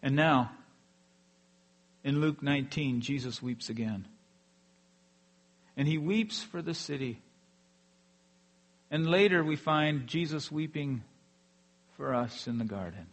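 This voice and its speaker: A man preaching a sermon earnestly, letting his voice fall softly at the ends of phrases. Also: fairly high pitch, slow, long pauses. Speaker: pastor.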